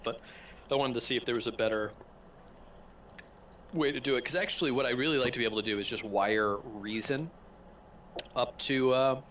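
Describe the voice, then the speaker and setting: A man acting as game master for a tabletop game, talking over a gaming headset in a relaxed way, explaining things step by step. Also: fairly low pitch, a little hiss or hum.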